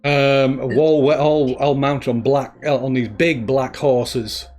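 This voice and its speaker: A male game master narrates a tabletop game at an unhurried pace, often stopping and restarting as he hunts for the right word. His voice sits at a middling pitch, with faint music playing underneath. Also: fairly even intonation, a little mellow. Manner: halting, searching for words, many restarts.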